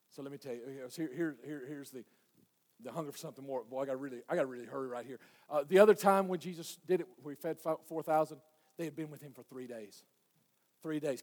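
A high-pitched man with a drawl preaches a folksy sermon. He drops into soft, confiding asides, then climbs to loud, fervent peaks. The voice rings out with the long reverb of a big hall. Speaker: pastor.

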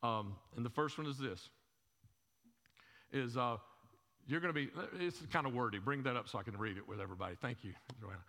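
Bright-voiced pastor preaching in a reverberant church. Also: male voice, mid-range voice, brisk, pauses often. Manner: conversational, peppers the crowd with rhetorical questions; frequent word repeats and fillers. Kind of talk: sermon. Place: church sanctuary. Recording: long hall reverb in a church.

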